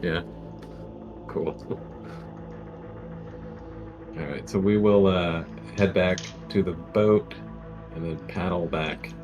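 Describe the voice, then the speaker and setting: A man with a very deep voice, playing a character in an online tabletop game. He talks hesitantly, stopping and restarting, while faint music plays underneath. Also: steady tone, slow pace, long pauses, highs cut off. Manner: hesitant, full of ums and restarts. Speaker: player. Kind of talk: casual tabletop role-play.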